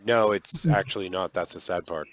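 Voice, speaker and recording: Man from the US, low voice, hesitant and blunt, muffled lo-fi recording. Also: moderate pace. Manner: hesitant, filler-heavy, blunt. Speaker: panelist. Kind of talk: casual group chat. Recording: dull lo-fi voice chat.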